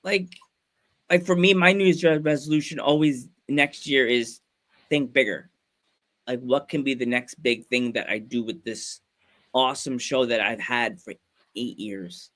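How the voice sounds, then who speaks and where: A man's voice: medium pitch, fairly even intonation, a little slow, fairly bright tone. A man hosting a podcast in casual, enthusiastic chat, rambling with fillers. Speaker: podcast host.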